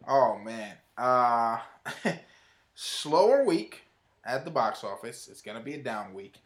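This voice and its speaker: A man talks through upcoming films in a relaxed, halting way, full of fillers and restarts. His voice sits at a middling pitch and rings a little in the room. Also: reverberant. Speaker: movie review show co-host. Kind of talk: casual chat.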